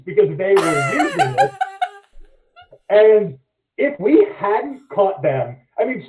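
A man telling a story as a podcast guest in casual chat, animated and swearing freely. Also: high-pitched. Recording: echoey, phone-like lo-fi audio.

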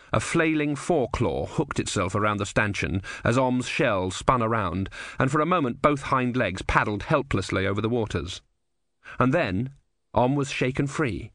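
A man narrates an audiobook from a script, telling the story steadily and evenly. His voice is fairly low and moderately paced, recorded cleanly in a studio with no echo.

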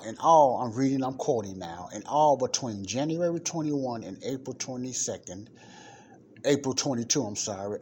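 A man's voice: lowish voice, a little mellow, slight background noise. A man hosting a podcast, reading an article aloud in casual commentary and repeating the numbers for emphasis. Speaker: podcast host.

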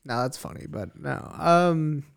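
A man's voice: on the high side, measured pace, creaky. A young man chatting as a podcast guest, laid-back, swearing freely and saying "dude" a lot. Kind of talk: casual chat.

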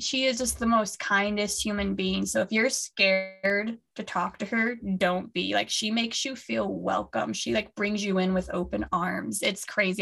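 A woman's voice: medium pitch, gravelly, fairly bright tone. A woman co-hosting a fan podcast in casual chat, gushing and rambling with many restarts over a remote call. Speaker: podcast co-host.

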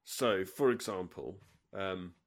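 A man's voice: low voice, takes it slowly. A man co-hosting a casual podcast chat, explaining slang with enthusiasm and acting out little quoted lines. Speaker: podcast co-host.

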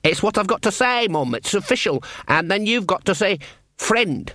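A man's voice: big pitch swings, moderate pace, pushed and bright, dry recording, clean studio sound, exaggerated voice. A man voicing an eager, earnest young male castle guard who talks in a whiny, pleading way. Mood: whiny insistent. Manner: whiny, pleading, high-pitched.

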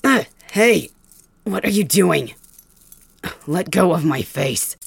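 A woman's voice: deep voice, unhurried, gravelly, breathy edge, dry recording, full character voice. A woman voicing a proud, angry young captive male dragon king who snarls and grunts defiantly in an ASMR audio role-play. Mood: defiant pain.

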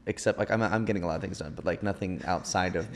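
A man's voice: deep voice, quick pace. A man hosting a casual chat, agreeable and full of fillers. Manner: chatty, filler-heavy, agreeable. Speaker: podcast host. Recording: faint background noise.

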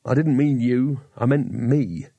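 A man reading an audiobook, voicing a weary, exasperated male wizard who grumbles and talks impatiently in a husky voice. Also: medium pitch, fairly even intonation, a little slow, warm tone, no room sound, lo-fi sound.

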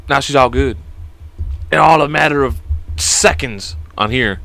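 A man's voice: mid-range voice, normal speed, creaky, bright, forceful tone, no room sound. A young man in his twenties hosting a solo podcast, rambling and joking with constant swearing. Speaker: podcast host. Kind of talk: casual solo podcast chat.

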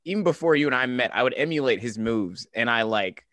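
A man in his thirties from Kansas with a flat Midwestern American accent and a hint of Southern twang, telling stories on a podcast with frequent laughs and restarts. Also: medium pitch, fairly quick, dry recording. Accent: flat Midwestern American, occasional Southern twang. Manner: animated storyteller, laughs often, many restarts. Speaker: podcast guest. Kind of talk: casual podcast conversation.

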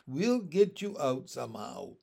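A man voicing a kind, patient female kindergarten teacher in a storybook reading, speaking gently and reassuringly. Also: a little high, sing-song, unhurried, creaky, full character voice.

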